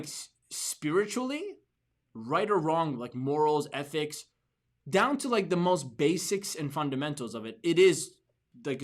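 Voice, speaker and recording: A man's voice: on the high side, fairly bright tone. A man hosting a podcast for entrepreneurs, giving a motivational talk with emphatic repeats and restarts. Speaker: podcast host.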